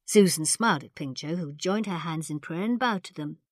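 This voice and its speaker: A woman reading a novel aloud in even, unhurried narration. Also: lowish voice, dry recording, clean studio sound. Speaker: audiobook narrator. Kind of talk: scripted narration.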